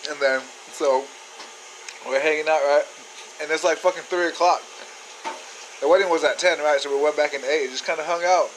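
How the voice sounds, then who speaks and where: A man's voice: fairly high pitch, a little hiss or hum, rough recording. Rambling man on a phone video message. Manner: rambling and laid-back, with many fillers and casual swearing; grows loud and excited as the story builds. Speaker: sender of a video message to a friend. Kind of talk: casual storytelling.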